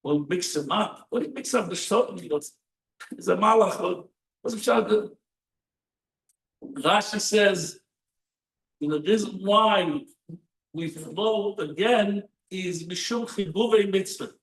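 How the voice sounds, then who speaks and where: A high-voiced male rabbi delivers a sermon, telling stories animatedly and firing rhetorical questions at his listeners. The mic sits well away from him in an echoing synagogue hall, so the room rings around every phrase. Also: unhurried, long pauses. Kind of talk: Torah sermon. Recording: roomy echo, distant mic.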